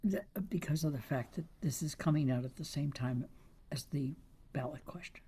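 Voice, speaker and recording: A hoarse woman on a town committee asking measured questions. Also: low-pitched, warm tone. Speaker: committee member.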